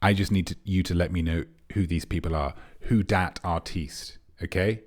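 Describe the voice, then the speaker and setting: A man with a lowish voice hosts a comedy quiz stream as a pompous artiste. He rambles and meanders, with sudden theatrical leaps in pitch, and talks straight to the chat. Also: fairly even intonation, fast talker, darkish tone. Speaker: quiz host. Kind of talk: character comedy livestream quiz.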